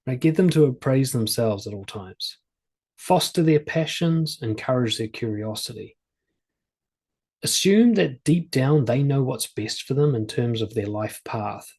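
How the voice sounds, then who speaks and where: Husky-voiced man giving parenting advice. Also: mid-range voice, darkish tone. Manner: conversational, plain-spoken, with examples from his own family. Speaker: parenting and confidence coach. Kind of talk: advice talk to camera.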